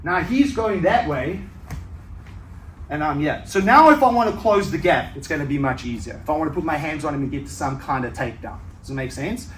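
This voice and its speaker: High-voiced coach in an echoey hall. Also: male voice, expressive, a little fast, a bit bright, slight background noise. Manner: conversational, checks in with "right?" constantly. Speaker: self-defense coach. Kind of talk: seminar teaching. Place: training hall at a seminar. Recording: echoey hall, mic from far off.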